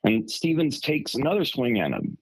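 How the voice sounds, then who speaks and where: A man on a podcast telling a story in casual chat, rambling and animated with lots of fillers. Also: mid-range voice, normal speed, breathy edge, dry recording, poor audio. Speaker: podcast co-host.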